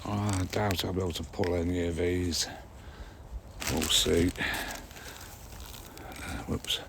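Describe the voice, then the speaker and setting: A man's voice: deep voice, steady tone, takes it slowly, vocal fry, background noise. A man with a head cold, chatting in a homely way to his viewers as he films his allotment and then sits in his car on a frosty day. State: has a head cold, sniffly. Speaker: gardening vlogger. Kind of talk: casual vlog chat.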